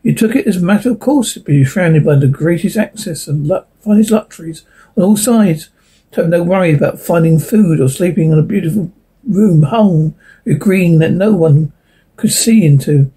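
Husky woman reading a storybook aloud. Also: on the low side, warm tone, rough recording. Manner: informal reading with restarts. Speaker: narrator. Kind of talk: audiobook reading of a novel.

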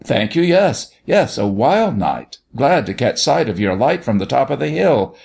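A man voicing a blustering country doctor who booms in feigned rage to amuse children, in a storybook reading. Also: sing-song, a little slow, creaky, darkish tone. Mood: cordial. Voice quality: big booming voice, feigned rage. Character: blustering middle-aged male country doctor, mock-fierce.

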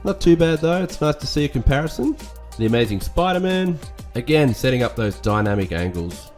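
A man giving casual voice-over commentary on his old artwork, relaxed, self-critical and enthusiastic. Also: medium pitch, brisk, soft background music. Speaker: artist reviewing his old work.

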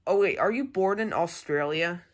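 A man voicing a friendly, eager male dog in an improvised role-play, talking in halting starts and restarts. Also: high voice, natural voice. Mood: curious.

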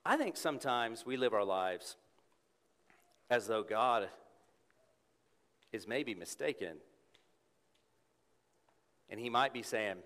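A man preaching a sermon as pastor, telling stories playfully and then turning quiet and earnest. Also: medium pitch. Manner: animated, playful storytelling with quick shifts to a quiet, earnest tone. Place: church sanctuary. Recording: long hall reverb in a church.

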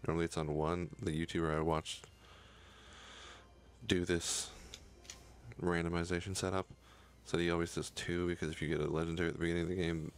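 A man's voice: deep voice, little pitch movement, fairly quick, clean tone. A young man narrating his own video game run, cursing the game and talking in a frustrated, profane way. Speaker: gaming YouTuber. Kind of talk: profane Let's Play commentary.

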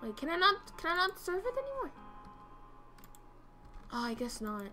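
A woman's voice: extremely high pitch, moderate pace, faint music behind. A woman streaming a game, chatting casually, reading orders aloud and swearing when things go wrong. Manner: excitable, swears, reads game dialogue aloud. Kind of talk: casual gameplay commentary.

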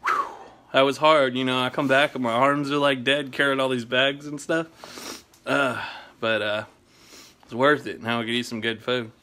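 A man's voice: medium pitch, fairly even intonation, moderate pace, pushed and bright. A man vlogging casually, a laid-back rambler who swears freely as he talks to his viewers. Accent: US Pacific Northwest. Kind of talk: casual vlog monologue. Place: outdoors in a snowstorm, then at home.

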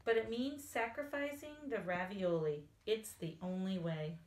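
A woman's voice: medium pitch, measured pace, a little mellow, distant mic, natural voice. A woman voicing a serious, calculating rotini pasta in a storybook. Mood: scheming. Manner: cool and calculating. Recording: echoey room, faint hiss.

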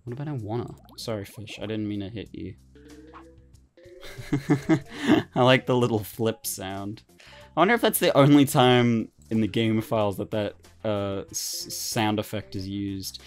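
A man giving casual let's-play commentary, excitable, swearing casually and laughing often. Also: lowish voice, a little slow, soft background music. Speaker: gaming commentator.

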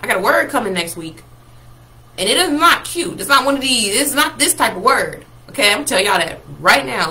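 A woman preaching a prophetic word on a livestream, talking straight to viewers in a lively, animated way and laughing now and then. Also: a little high, a little fast, poor audio. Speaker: prophetic minister.

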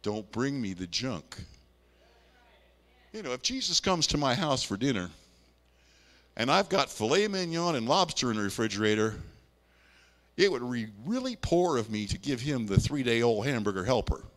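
A man's voice: medium pitch, very animated, normal speed, pauses often, a bit bright, in a large hall. A man preaching a sermon in a conversational, folksy way, reading scripture and adding plain everyday asides. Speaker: pastor.

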